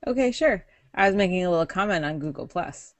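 A woman's voice: fairly low pitch, lively intonation, quick pace, no room sound. Giggly woman co-hosting a tech podcast. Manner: giggly, chatty, self-interrupting. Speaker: podcast co-host. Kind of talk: casual tech podcast chat.

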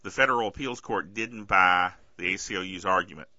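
A man hosting a podcast in a casual, sarcastic tech-news chat, bothered by a sore throat and clearing it often. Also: sits low, normal speed, sharp tone, no echo. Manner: chatty, sarcastic, keeps asking "okay?". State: throat trouble, keeps clearing his throat. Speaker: podcast host. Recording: dull lo-fi dry recording.

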